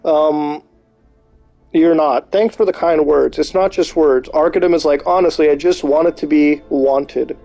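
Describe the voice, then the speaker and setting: A man's voice: fairly high pitch, a little slow, gravelly, faint music behind. A man streaming live, reading posts aloud and reacting with disbelief and swearing. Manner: incredulous, swearing, reacting out loud.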